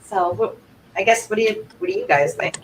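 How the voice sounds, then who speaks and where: A woman from Vermont, a livestream guest, telling rambling stories in a chatty, animated way. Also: medium pitch, a little fast. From Vermont, United States. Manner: chatty, rambling, breathless anecdotes with quoted asides. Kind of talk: casual chat, animated storytelling. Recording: distant mic, faint background noise.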